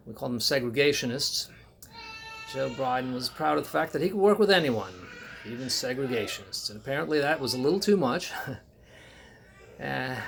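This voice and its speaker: A man speaks alone into the mic in a plain middle register, his voice roughened by a gravelly fry. His delivery is dry and wry, broken up by many halting ums and uhs as he works through his points. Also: medium pitch, a bit bright, slight background noise. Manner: halting, frequent um and uh pauses. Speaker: political commentator. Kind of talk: solo spoken commentary.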